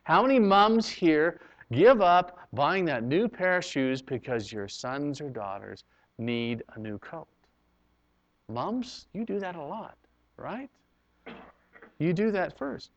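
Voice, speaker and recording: Taking it slowly but very animated, a Canadian male pastor with a fairly high pitch preaches, alternating between booming emphasis and hushed tones. The recording is dull and lo-fi.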